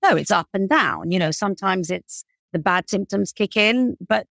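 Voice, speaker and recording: A woman's voice: mid-range voice, lively intonation, moderate pace, gravelly, fairly bright tone, no room sound, studio quality. A woman in her forties with a British accent, chatting casually as a podcast guest, self-deprecating and full of fillers. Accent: British English. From England. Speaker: guest, cake business founder.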